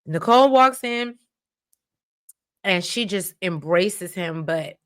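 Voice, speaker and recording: Emotional low-voiced woman recapping a soap. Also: lively intonation, slow pace, a bit bright. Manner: emotional, exclaiming, addresses viewers as y'all. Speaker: recap host. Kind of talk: casual recap and commentary.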